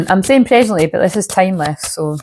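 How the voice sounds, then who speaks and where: A woman's voice: mid-range voice, lively intonation, normal speed, background noise. A woman, a shamanic healer, rambling casually to camera at home with a sore throat, swearing freely and saying "you know what I mean" a lot. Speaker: shamanic healer and spiritual reader. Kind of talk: casual spiritual reading monologue to camera.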